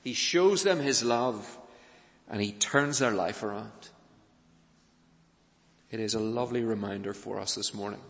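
A man preaching a sermon in a church, earnest, pressing hard on key points and then falling soft and low. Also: a little slow, long pauses. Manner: earnest, rising to urgent emphasis then dropping soft. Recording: long reverb of a church hall.

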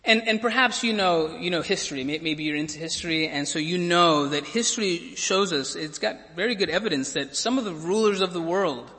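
Bright, high-voiced preacher in a reverberant hall. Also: male voice, fairly quick, few pauses. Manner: storytelling, repeats words while building. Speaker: pastor. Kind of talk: sermon.

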